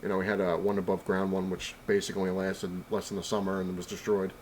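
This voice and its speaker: Brief: young man, low voice, quick rambling home-vlog storyteller, faint room hiss. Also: little pitch movement, darkish tone, poor audio. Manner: rambling, many fillers and restarts. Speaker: vlogger. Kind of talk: casual storytelling.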